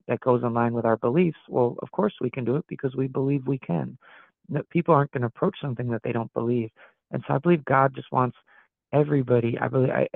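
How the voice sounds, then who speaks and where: A man from Wisconsin speaks as a guest pastor in an interview, earnest and reflective, circling back and restarting as he works through his thoughts. His mid-pitched voice carries a steady gravelly fry. The sound is tinny and phone-like, with a dry, close feel and no room around it. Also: no room sound. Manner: earnest, reflective, thinks aloud with frequent restarts. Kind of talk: podcast interview.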